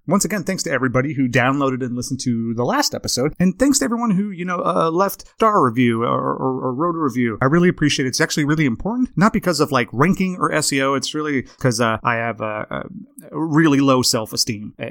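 A man's voice: fairly high pitch, a bit bright, no echo, clean studio sound. Rambling self-deprecating male podcast host. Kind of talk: comedic podcast monologue.

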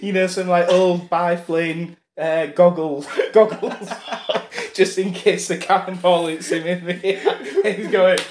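A man spins absurd stories for a comedy podcast, slipping into a showman's voice and laughing constantly. His voice sits high and he takes his time. The room gives it an echo. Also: a little slow, slight background noise. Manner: giggly, acts out a showman and excited kids in his stories. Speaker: podcast co-host. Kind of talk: comedic storytelling chat.

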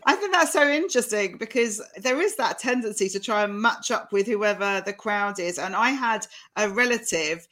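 Lively woman co-hosting a podcast. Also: medium pitch, moderate pace, few pauses. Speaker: podcast co-host. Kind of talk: casual podcast chat.

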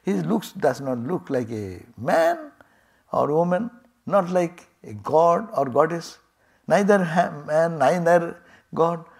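Gravelly-voiced swami telling a sacred story. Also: male voice, fairly high pitch, slow pace. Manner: chuckling, animated retelling with quoted dialogue. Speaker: swami and minister. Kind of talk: storytelling sermon. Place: temple.

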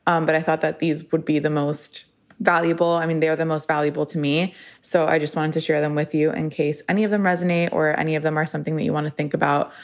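A woman of thirty talks straight to her podcast listeners in a relaxed, rambling way, with "like" and "you know" running through her sentences. Her voice sits a little low for a woman. She pokes fun at herself as she goes. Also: fast. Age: 30s. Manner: chatty, filler-heavy, self-deprecating. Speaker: podcast host. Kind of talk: casual solo podcast monologue.

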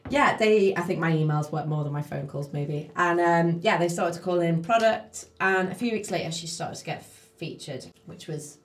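Woman, thirties, softened Scouse accent, lowish voice, lively storyteller, interview guest, echoey room. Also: normal speed, hardly any pauses. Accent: softened Liverpool (Scouse). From Wirral, near Liverpool, England. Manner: animated, acts out quoted speech in the story. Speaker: guest, PR business owner. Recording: roomy echo.

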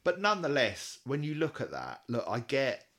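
A man's voice: mid-range voice, wildly swooping pitch, normal speed, a bit bright. A man co-hosting a casual chat, enthusiastic, reeling off statistics and laughing often. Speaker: podcast co-host.

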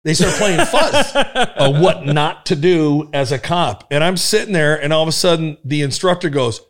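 A middle-aged man from Nebraska tells stories as a guest in a podcast interview. He is an animated storyteller, and his voice sits a bit high for a man. He swears casually as he recounts old skits. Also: moderate pace. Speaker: guest, former police officer.

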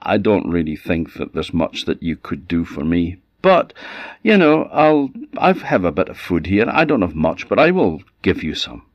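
A man's voice: low-pitched, sing-song, normal speed, dry recording. A man with an Orcadian accent voicing a good-natured young prince who talks earnestly and a little hesitantly. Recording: slightly dull audio.

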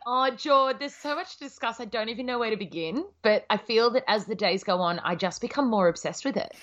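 Bright, enthusiastic woman co-host. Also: a little high, lively intonation, a little fast, lo-fi sound. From Australia. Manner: enthusiastic, laughs a lot, addresses listeners. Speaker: podcast co-host. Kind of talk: casual chat.

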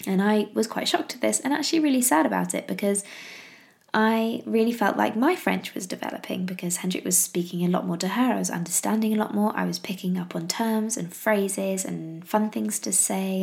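A woman's voice: mid-range voice, normal speed, vocal fry, a little mellow. An English woman in her thirties, chatting casually about her baby and rambling with fillers and restarts. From England. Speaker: parenting podcaster. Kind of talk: casual chat.

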